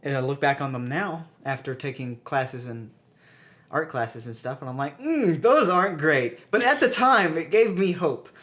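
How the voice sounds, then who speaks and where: A man's voice: medium pitch, expressive, moderate pace, fairly bright tone. A young man from the southern United States, co-hosting a podcast in casual chat and telling self-deprecating stories with plenty of laughs. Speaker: podcast co-host.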